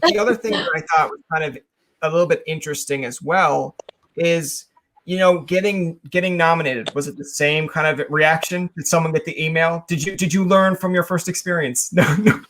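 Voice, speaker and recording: A man's voice: a little high, moderate pace, a bit bright. A man hosting a casual interview chat, joking and acting out imagined dialogue in shifting voices. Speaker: podcast host.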